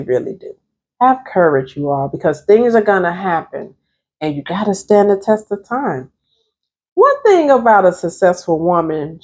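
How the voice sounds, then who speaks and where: Lively low-voiced woman life coach. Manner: chatty and emphatic, addresses viewers as "you all". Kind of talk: motivational vlog talk.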